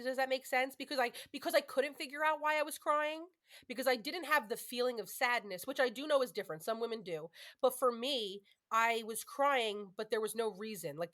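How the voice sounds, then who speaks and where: A woman's voice: fairly high pitch, a bit bright. A woman in her thirties hosting a podcast, talking candidly and casually with lots of fillers. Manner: chatty, candid, frequent fillers. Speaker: podcast host. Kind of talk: casual chat.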